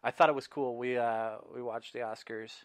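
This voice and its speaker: A man co-hosts a podcast in casual chat, wryly teasing his co-host and reading out contest results. His medium-pitched voice runs at normal speed with fairly even intonation. The recording is dry, with clean studio sound.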